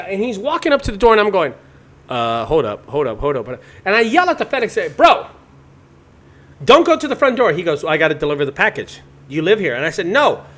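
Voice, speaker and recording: Animated man telling a story. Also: high voice. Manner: animated, dramatic retelling with sudden loud bursts. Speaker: junk removal business owner. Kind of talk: casual storytelling to viewers.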